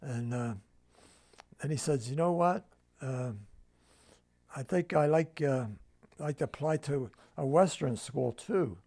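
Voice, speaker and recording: A man's voice: mid-range voice, slow, pauses often, mellow. An older man with a New Jersey accent, telling family stories in an oral history interview at home and acting out the dialogue. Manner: storytelling, acts out quoted dialogue.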